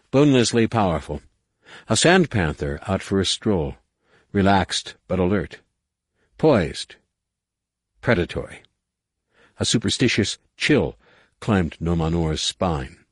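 A man reading an audiobook in a measured, dramatic narration. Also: sits low, dry recording, clean studio sound. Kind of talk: scripted narration.

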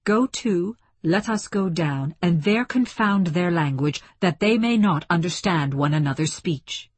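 A woman voicing a courteous male scholar who talks in a formal, measured way. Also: lowish voice, lively intonation, breathy edge, no room sound. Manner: formal, polite.

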